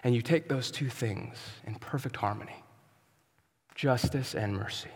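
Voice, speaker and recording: A man preaching a sermon as pastor, earnest and emphatic, sometimes dropping to a soft, quiet tone. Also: mid-range voice, a little slow, slightly rough, in a large hall. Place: church sanctuary.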